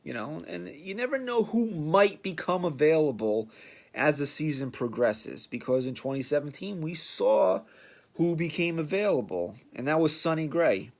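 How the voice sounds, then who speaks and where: A man's voice: on the high side, animated, normal speed, creaky, darkish tone. A man hosting a podcast, giving a blunt, sarcastic sports rant and mocking the people he talks about. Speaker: podcast host.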